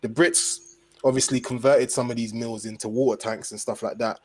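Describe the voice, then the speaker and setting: Relaxed man from the Caribbean. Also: mid-range voice, normal speed. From Montserrat. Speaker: podcast host. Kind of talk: casual podcast chat.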